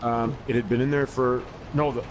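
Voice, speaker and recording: A man in his forties co-hosts a casual gaming podcast, chatting while they play and spinning long, profane, rambling stories full of restarts. His voice sits in the mid range with little pitch movement and a normal speed. The recording is lo-fi with a noisy background.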